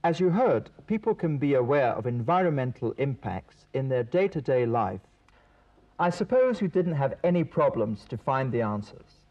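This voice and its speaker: A man presenting a TV English course in a clear, deliberate teaching manner. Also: mid-range voice, very animated, muffled recording. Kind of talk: scripted presenting.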